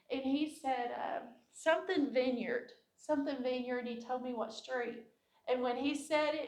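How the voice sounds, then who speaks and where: A woman's voice: sits high, steady tone, normal speed, a little mellow. A woman giving a heartfelt personal testimony to her congregation, telling the story and acting out what people said. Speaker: church member sharing a testimony.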